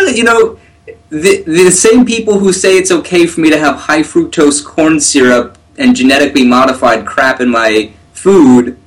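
A middle-aged man co-hosting a casual talk, telling stories quickly with repeated words. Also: a little high, low-quality recording. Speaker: podcast co-host. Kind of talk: casual conversation.

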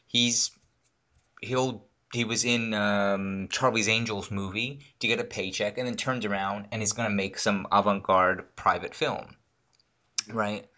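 A married man talking casually and profanely, rambling through his points with animated asides. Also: on the low side, a little slow. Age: adult, married. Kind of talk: casual conversation.

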